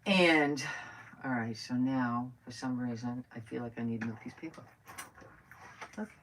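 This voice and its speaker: A woman's voice: a bass voice, steady tone, normal speed, slight background noise. A middle-aged woman hosting a live crafting stream, chatting and thinking aloud as she works. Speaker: craft host. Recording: distant from the mic.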